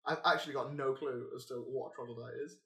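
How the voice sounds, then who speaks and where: A man's voice: mid-range voice, fairly even intonation, fast, a bit bright, echoey room, a little hiss or hum. A man narrating a tabletop game as game master, laid-back and hesitant, laughing often.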